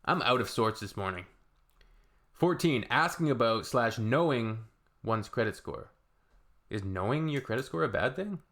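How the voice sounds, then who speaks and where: A man from Canada giving casual reaction commentary, rambling with halting restarts and blunt asides. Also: mid-range voice, animated, a bit bright. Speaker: reaction video creator.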